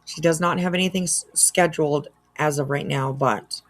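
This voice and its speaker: A woman's voice: deep voice, normal speed. A woman hosting a casual reaction livestream, chatty and laughing often as she reads out chat. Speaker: livestream host.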